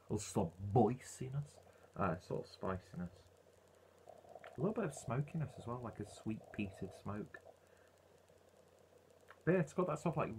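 Chatty lower-voiced beer vlogger. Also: male voice, a little hiss or hum. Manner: chatty, rambling, frequent ums and uhs. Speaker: beer reviewer. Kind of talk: casual beer review vlog.

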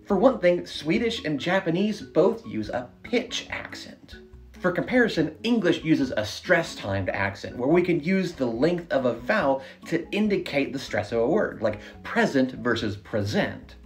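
A man hosting a short educational explainer, talking in an upbeat, explanatory way. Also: fairly high pitch. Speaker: language educator.

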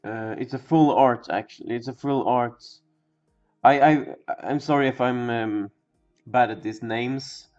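Young guy unboxing cards, slow rambly talk, swears a lot, muffled lo-fi sound. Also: medium pitch. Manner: rambling, swears, bursts into loud excitement. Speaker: pack-opening video host. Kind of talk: casual card-opening commentary. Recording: dull lo-fi sound with faint music.

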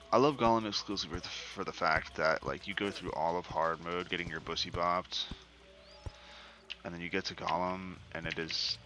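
A man with a low, gravelly voice talks through a video game in casual, profane commentary and swings between mumbling and loud trash talk. Music plays clearly behind him. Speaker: gaming commentator.

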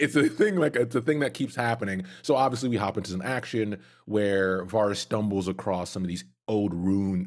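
A man with a low, husky voice co-hosting a casual lore podcast. He recaps the story in an easygoing, agreeable way. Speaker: podcast co-host.

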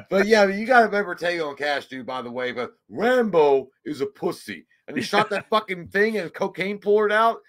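A man's voice: sits high, animated, normal speed, a bit bright. A man co-hosting a casual movie chat, joking and crude, rambling into long bits. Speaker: podcast co-host.

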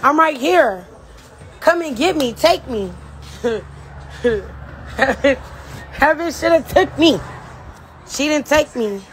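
This reality show woman delivers a direct-to-camera rant full of taunts, trash talk, heavy swearing and outbursts of laughter. She sits high and sounds animated but slow, pausing often, and there's a slight hiss or hum on the track.

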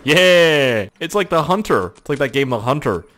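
A man's voice: on the high side, moderate pace. A young man from Canada giving crude, joking gameplay commentary with lots of swearing. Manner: crude, joking, swears a lot, lively outbursts. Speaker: gaming YouTuber.

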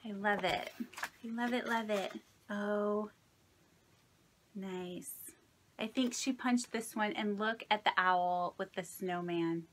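A woman's voice: medium pitch, slow, pauses often, slight background noise. A woman from Indiana, a craft vlogger, gushing sentimentally through an unboxing, a little unwell and shaky. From Indiana, United States. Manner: gushing, sentimental, many delighted exclamations. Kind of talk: casual unboxing vlog.

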